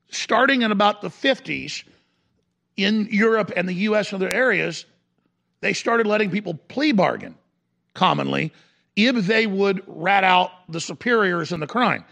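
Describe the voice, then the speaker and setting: A male talk radio host delivers a fiery on-air monologue, ranting hard and alternating between shouting and low growls. His voice has vocal fry.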